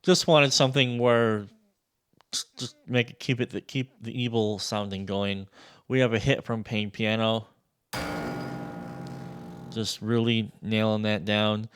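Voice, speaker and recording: Excitable man with a smooth voice. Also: lowish voice, slow, pauses often. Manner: excitable, casual, swears freely. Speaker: music producer reviewing a sample library. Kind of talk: casual demo walkthrough.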